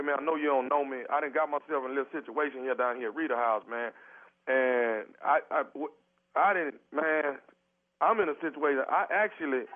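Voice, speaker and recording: A man puts on a pushy, pleading fellow stuck numb on a toilet and stretching every word in slang. His voice sits high for a man. It comes through a tinny phone line, as on a prank call. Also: lightly acted. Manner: insistent, pleading, drawn-out slang. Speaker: prank caller.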